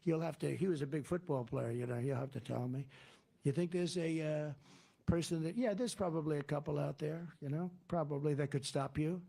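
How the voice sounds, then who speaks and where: A man delivers a loose, wandering campaign rally speech in a gravelly, slightly husky voice pitched a bit higher than most men's. He repeats himself, circles back to earlier points and goes off on tangents as he addresses the rally. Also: a little fast, warm tone. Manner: rambling, digressive, repetitive. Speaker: political candidate.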